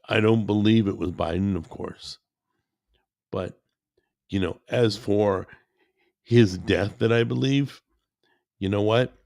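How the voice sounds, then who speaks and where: A man delivers a heated, repetitive political rant, calling his listeners guys. His voice sits low with a gravelly fry, and he talks at an unhurried, deliberate pace. The sound is close and dry. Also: darkish tone, no echo. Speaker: commentator.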